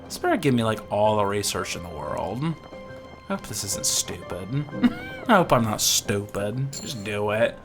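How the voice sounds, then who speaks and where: A woman giving excitable let's-play commentary, laughing a lot and swearing. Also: extremely low pitch, a little slow. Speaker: streamer. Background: game music.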